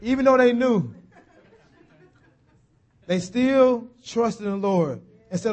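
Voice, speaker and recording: A man preaching a sermon in a folksy, chatty way, slowing down and dropping low on key phrases and rising on emphasis. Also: darkish tone.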